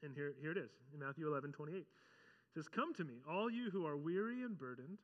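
A man preaching a conversational sermon as pastor, animated and often acting out the voices he quotes. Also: a little high, fairly quick, long reverb tail, muffled recording.

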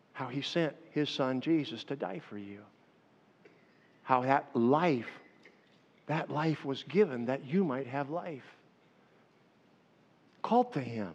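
A man preaching a sermon, dropping to a hush for stories and then rising to loud calls to the congregation. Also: fairly high pitch. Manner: animated, swings between hushed storytelling and loud calls to the crowd. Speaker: pastor. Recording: dull sound with long hall reverb.

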